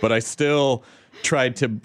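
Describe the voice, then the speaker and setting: A man's voice: medium pitch, fairly even intonation, takes it slowly. A man from the American South hosting a talk show, chatting playfully and teasing his guests. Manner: playful, teasing, laughs often. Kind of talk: casual chat.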